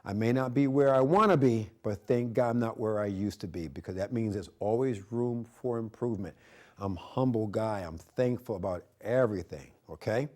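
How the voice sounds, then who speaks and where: Middle-aged man, karate instructor on a studio show, warm mellow voice, pumped-up and preachy, repeats himself. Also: lowish voice. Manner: energetic, preachy, repeats himself, shouts kiai cries. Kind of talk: martial arts lesson with motivational talk.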